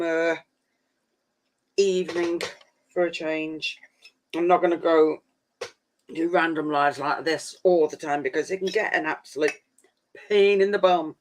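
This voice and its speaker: A man's voice: on the high side, a little hiss or hum. A man chatting casually on a live stream, rambling and saying "flipping" a lot.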